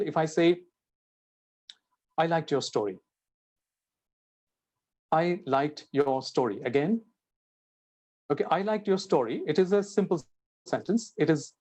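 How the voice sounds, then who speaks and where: A teacher with a fairly high, slightly mellow voice gives a spoken English lesson. He explains and acts out example sentences, shifting his intonation and stress.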